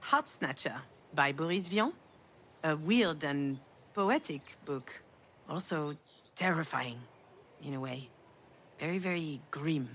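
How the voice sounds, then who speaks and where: An actress playing a weary middle-aged mother who tells a family memory softly and intimately in a video game. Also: low voice, lively intonation, takes it slowly, long pauses, slight background noise, heavily acted. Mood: dry. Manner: soft, intimate storytelling. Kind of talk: game voice acting.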